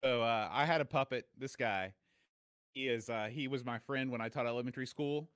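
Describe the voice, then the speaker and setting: A man's voice: medium pitch, a little fast, fairly bright tone, clear, resonant tone. A man co-hosting a casual retro-gaming podcast, dry and self-deprecating. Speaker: podcast co-host. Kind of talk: casual chat.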